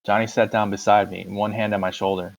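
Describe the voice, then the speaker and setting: Low-voiced man reading a novel aloud. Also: flat delivery, brisk, gravelly, low-quality recording. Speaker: audiobook reader.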